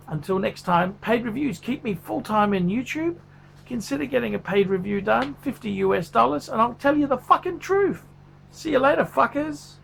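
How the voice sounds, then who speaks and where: A man's voice: very high-pitched, vocal fry, fairly bright tone, slight background noise, full character voice. A man voicing a furious, foul-mouthed male watch reviewer who swears constantly in a paid review rant. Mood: blunt. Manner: swears constantly, ranting, blunt.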